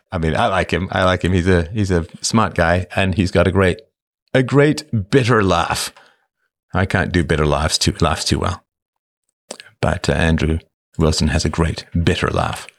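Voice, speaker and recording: A man's voice: deep voice, moderate pace. Wry man hosting a livestream. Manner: wry, self-mocking, animated. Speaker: show host reading chat. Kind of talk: casual livestream talk.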